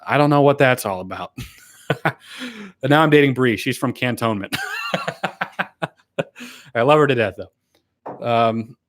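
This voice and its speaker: A YouTuber with a mid-range, slightly bright voice talks a little slowly and pauses often on his live stream. He rambles casually with fillers and laughs while reading and answering viewer comments, and turns earnest and grateful when thanking donors.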